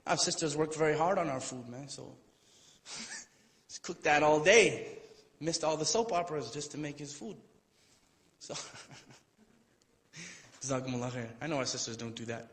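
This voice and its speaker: A man's voice: fairly high pitch, normal speed, long pauses. A man giving an Islamic lecture to an audience in a hall, telling a story conversationally with playful asides. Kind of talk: storytelling sermon. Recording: long hall reverb.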